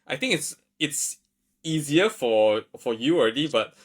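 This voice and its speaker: A man's voice: medium pitch, animated, a little slow. A man hosting an interview, encouraging his guest and praising his answers before asking reflective questions. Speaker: interview host. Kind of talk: casual interview conversation.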